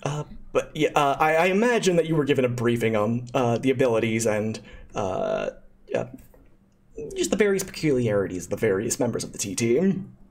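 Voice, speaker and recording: On a live stream, a game master narrates a tabletop game, speaking haltingly with many fillers and stopping to thank donors. The voice is mid-range with big pitch swings.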